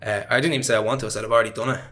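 A young Irish man with an Irish accent, appearing as an interview guest, tells his story in casual, rambling conversation full of fillers and self-deprecating laughs. His mid-range voice is steady in tone, rapid-fire, bright and forceful.

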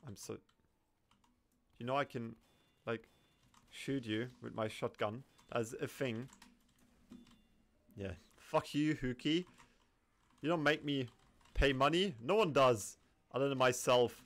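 A man narrating his match as he plays, chatty and jumpy, dropping to quiet mutters under his breath and then bursting out when danger appears. His pitch sits in an ordinary middle range, and faint keyboard clicks are heard behind him. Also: takes it slowly, pauses often. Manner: excitable, swings from muttering to yelping and laughing. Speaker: gaming commentator. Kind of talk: live gameplay commentary.

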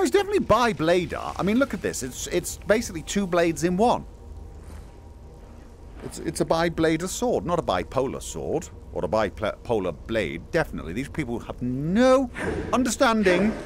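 A man giving playful, excitable running commentary while playing a VR game, chatting to a companion through a headset mic. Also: fairly high pitch, a little hiss or hum. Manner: excitable, jokey asides. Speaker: gaming streamer. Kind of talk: casual VR gameplay commentary.

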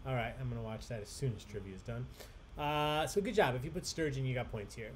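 A man's voice: mid-range voice, animated, quick pace, a little hiss or hum. A man hosting a live online trivia game, chatty and upbeat, reading each question twice with emphasis. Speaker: trivia host.

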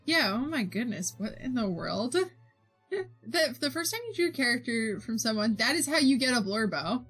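A woman's voice: fairly high pitch, animated, moderate pace, fairly bright tone, husky, soft background music. A young woman streamer chatting casually with her viewers while she draws, giggling often and reading their messages aloud. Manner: giggly, reads chat aloud, bubbly. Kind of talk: casual chat while drawing.

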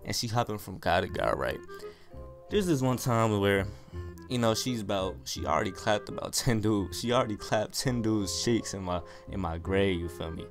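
A young man with a low-set voice rambles through a comic storytime in heavy slang, piling on exaggeration. Soft music plays under his talk. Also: expressive, moderate pace. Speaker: gaming YouTuber. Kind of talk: casual storytime over gameplay.

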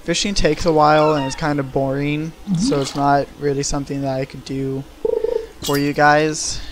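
Here the young man's voice sits on the high side and runs at a normal pace, with a little hiss or hum in the audio. He is a gameplay video creator, chatting loosely over his let's-play and leaning heavily on fillers, while clear game music plays in his home setup.

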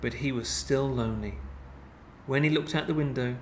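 A man reading a children's picture book aloud in an expressive, playful storytelling manner. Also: mid-range voice, normal speed, slight background noise. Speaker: storybook reader.

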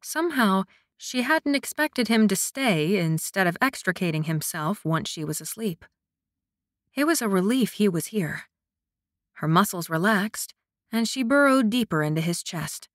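A woman narrating a romance audiobook in a soft, intimate storytelling manner. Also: medium pitch, expressive, measured pace, dry recording, studio quality. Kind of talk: scripted narration.

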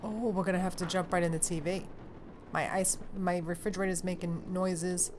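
A woman giving casual commentary on a horror game she is playing at home, excitable and talking straight to her viewers with plenty of swearing. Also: lowish voice, moderate pace, noisy background. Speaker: let's play gamer. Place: home room. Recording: game music behind voice.

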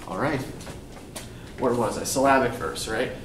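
Heard from a recorder across the room, a college English instructor with a slightly bright mid-range voice lectures in an echoey classroom, where a faint room hum sits behind him. He is patient and explanatory, often stopping to ask "right?" to be sure everyone follows.

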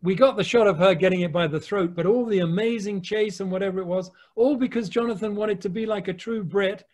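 An English man, a wildlife photographer, telling lively anecdotes with the odd mild swear word over a video call. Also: high-pitched, brisk. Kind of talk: anecdotal storytelling.

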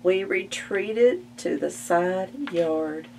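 A woman reading a children's picture book aloud at a library storytime, expressive and gasping at the story's turns. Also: lowish voice, drawn-out words, gravelly. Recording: distant mic with faint hum.

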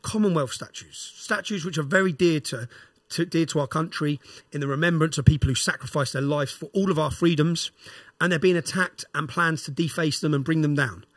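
A middle-aged man talks as a podcast guest, telling stories casually and with energy. He acts out the people he quotes and often checks in with a quick "yeah?" Sometimes he starts a line over. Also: fairly high pitch, slightly rough, no room sound, studio quality. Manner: animated retelling, acts out quoted exchanges, tags lines with "yeah?". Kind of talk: casual storytelling interview.

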